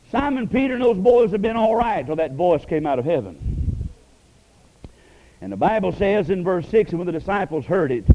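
High-voiced preacher on lo-fi radio. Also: male voice. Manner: rises and falls sharply, dropping to a hush on key words. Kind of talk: sermon. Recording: dull lo-fi radio broadcast.

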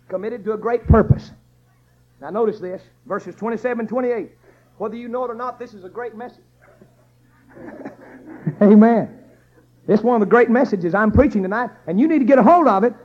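Man preaching, very high voice, lively swings, emphatic repetition, dull lo-fi recording. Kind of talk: fiery Baptist sermon.

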